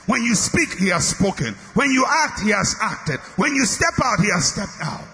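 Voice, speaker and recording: A male preacher with a high, bright voice that swings widely as he leads call-and-response. He drives his points home with repeated, forceful declarations that rise to shouts, and his voice rings through a reverberant hall. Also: big pitch swings, normal speed, soft background music. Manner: emphatic, call-and-response with congregation; repetitive declarations building to shouts. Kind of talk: sermon.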